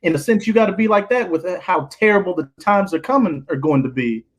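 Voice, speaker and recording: Male group member, husky voice, slightly high, earnest storyteller. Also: a little fast, rough recording. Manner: earnest, tells a film scene as an example. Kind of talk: casual discussion.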